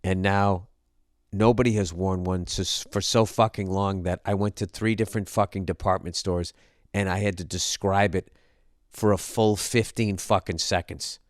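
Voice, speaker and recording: A man's voice: low voice, fairly even intonation, moderate pace, dry recording, clean studio sound. A man hosting a podcast, telling a comic story in a profane, exasperated rant. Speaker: podcast host. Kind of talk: comedic monologue rant.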